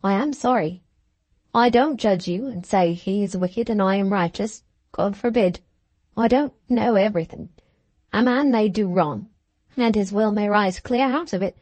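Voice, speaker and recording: A woman voicing a grave, gentle old land agent. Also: medium pitch, no room sound, close to an everyday voice. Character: stern honest older male land agent.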